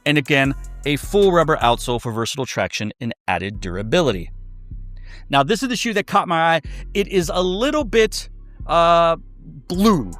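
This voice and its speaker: Guy reviewing sneakers casually, kinda high voice, rambly with lots of uh and like. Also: lively intonation, moderate pace, fairly bright tone, faint music behind. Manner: chatty, loose, with many fillers and restarts.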